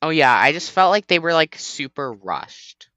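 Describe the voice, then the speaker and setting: Bright-voiced man hosting a chatty podcast. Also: on the high side, big pitch swings, normal speed, no room sound. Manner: rambling, heavy use of "like". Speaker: podcast host. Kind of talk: casual chat.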